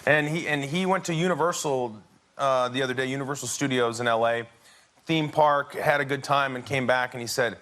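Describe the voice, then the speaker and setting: A film actor in his forties, appearing as a talk show guest, tells an anecdote in casual chat with frequent laughter. His voice is medium-pitched, brisk and fairly bright. Crowd and studio noise come through from the television studio audience.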